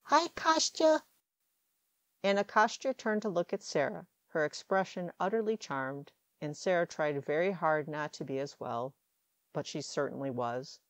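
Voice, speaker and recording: A woman reading fan fiction aloud as an audiobook, calm and measured. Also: deep voice, dry recording. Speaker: audiobook reader.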